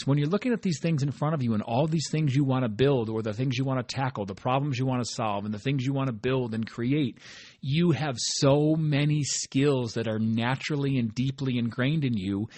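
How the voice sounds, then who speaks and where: A fairly quick, mid-range male voice with a slightly mellow quality, captured with no echo. He hosts a motivational podcast alone, sounding earnest and encouraging, and keeps checking in with "right?"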